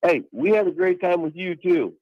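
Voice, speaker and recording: A man's voice: high voice, moderate pace, no room sound. Teasing man calling in on a dull line. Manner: friendly, teasing. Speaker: caller. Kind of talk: phone call to a talk show. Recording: dull dry phone line.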